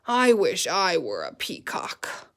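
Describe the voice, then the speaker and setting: A woman voicing a sad, self-doubting male pig from a storybook, talking slowly in a low, mournful way. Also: huge pitch swings, creaky, a bit bright, full character voice.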